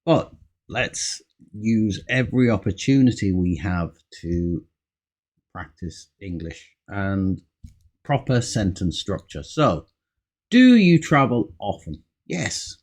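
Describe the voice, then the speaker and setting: A man's voice: deep voice, animated, takes it slowly, a little mellow. A man teaching an English speaking lesson, patiently modelling example answers and stressing key words. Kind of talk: slow, patient ESL lesson.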